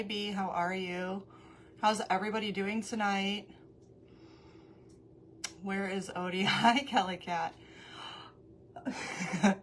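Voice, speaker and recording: A woman's voice: medium pitch, fairly bright tone, slight background noise. Chatty, giggly woman hosting a live stream. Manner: chatty and rambling, often breaking off to greet viewers; giggly, easily amused. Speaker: craft livestream host. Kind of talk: casual live-stream chat with viewers. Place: at home with her dog.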